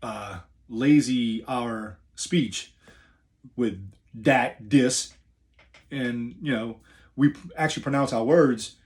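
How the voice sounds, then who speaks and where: A man's voice: medium pitch, slow, a little mellow. Rambling middle-aged New Orleans man. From New Orleans area, USA. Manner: laid-back, rambling, many fillers. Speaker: professional wrestler. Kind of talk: casual storytelling.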